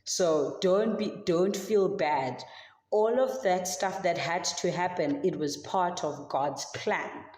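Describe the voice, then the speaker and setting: A woman telling a children's story, voicing a young man overjoyed to greet his brothers. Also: takes it slowly. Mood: reassuring. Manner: high excited exclamations. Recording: echoey church hall.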